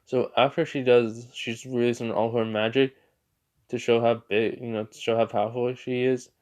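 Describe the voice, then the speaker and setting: A man's voice: mid-range voice, little pitch movement, a little mellow. Rambling man telling a fan story. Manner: rambling, halting, self-correcting. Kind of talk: casual fan story narration.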